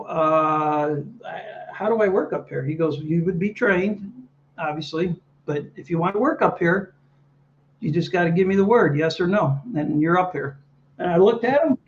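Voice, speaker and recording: A man with a fairly high voice tells his navy stories with animated energy and acts out every exchange. The sound is a little dull and lo-fi. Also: moderate pace. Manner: animated anecdotes, acts out dialogue. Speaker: navy veteran guest. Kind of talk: storytelling interview.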